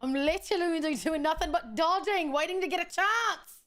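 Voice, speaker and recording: A woman streamer giving live gameplay commentary, loud and quick to swear, often bursting into laughter. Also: very high voice. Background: faint game music.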